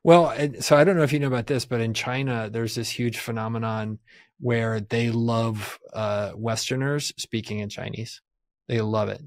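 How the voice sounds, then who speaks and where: A man's voice: mid-range voice, steady tone, normal speed, dry recording. A man talking as a podcast guest in casual chat, an enthusiastic storyteller who chuckles mid-sentence.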